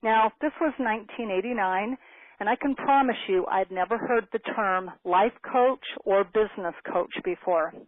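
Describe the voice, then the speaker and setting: Woman in her fifties, lively storyteller speaker, lo-fi phone-band audio, dry. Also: mid-range voice, moderate pace, no room sound. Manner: animated, acts out quoted dialogue. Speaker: motivational speaker. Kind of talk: personal storytelling talk. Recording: tinny phone-like, dry sound.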